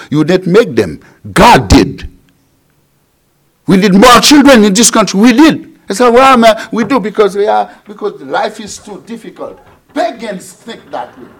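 Emphatic Haitian-born male preacher. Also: sits high. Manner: repetitive, emphatic, swings between loud and soft. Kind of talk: sermon.

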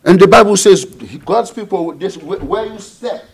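A middle-aged male preacher from Haiti delivers a sermon in a fairly high voice. He repeats his phrases for emphasis and swings between loud declarations and quiet asides. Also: a little slow, gravelly.

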